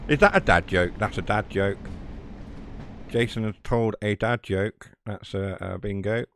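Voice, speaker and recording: A man's voice: fairly low pitch, fairly even intonation, a little slow, a little hiss or hum. A man with a West Country English accent, chatting casually and rambling as he streams a train game, mocking himself now and then. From South West England. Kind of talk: casual live game commentary.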